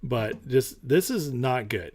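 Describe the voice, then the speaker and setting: A man hosting a casual stock market talk show, animated and opinionated, who repeats his points for emphasis. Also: takes it slowly, husky. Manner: mocks others in high put-on voices.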